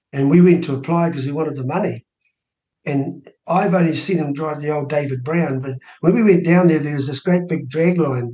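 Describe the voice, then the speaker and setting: A New Zealand election candidate in his sixties shares a family story as a radio guest, animatedly voicing the people he quotes in a casual interview. His voice is on the high side, the highs are cut off, and the room echoes.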